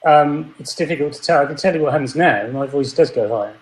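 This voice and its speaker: A man's voice: a little high, quick pace, roomy sound. A man co-hosting a podcast, answering in a good-humoured way with short replies. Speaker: podcast co-host.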